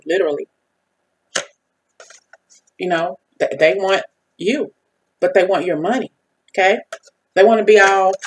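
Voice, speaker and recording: Low-voiced blunt woman reading tarot. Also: a little hiss or hum, low-quality recording. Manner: blunt, repetitive, swears freely. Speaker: tarot reader and psychic medium. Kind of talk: casual tarot card reading to camera.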